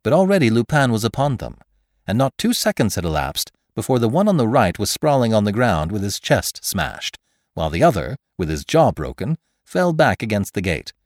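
Deep, animated male storyteller reading a classic adventure, dry studio sound. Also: moderate pace, dry recording. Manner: expressive storyteller. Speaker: narrator. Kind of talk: dramatic audiobook narration.

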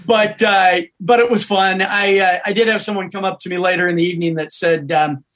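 A man, a podcast guest, telling an animated story in casual chat. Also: high voice, a little fast.

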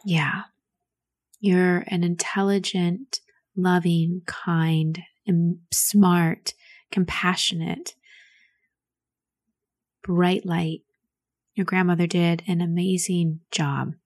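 Gravelly woman coaching gently. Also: on the low side, steady tone, no echo. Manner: soft, soothing, slow and nurturing. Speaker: host giving advice to a caller.

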